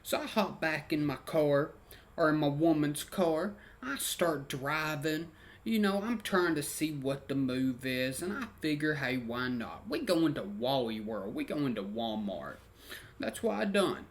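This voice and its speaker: A man's voice: fairly high pitch, lively intonation, unhurried. Rambling, cussing male storyteller. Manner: rambling and profane, full of "you know" fillers; slangy Southern-tinged dialect grammar. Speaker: vlogger. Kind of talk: casual storytelling.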